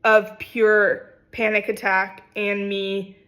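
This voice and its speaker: A young woman in her twenties, a vlogger, telling a personal story in a casual, animated, dramatic way. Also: medium pitch, takes it slowly. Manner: animated, dramatic retelling with acted quotes.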